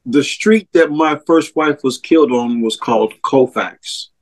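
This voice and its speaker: A man telling his personal testimony as an interview guest, earnest and heartfelt. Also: mid-range voice. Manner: earnest storyteller, slow and heartfelt. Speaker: interview guest, ministry co-founder.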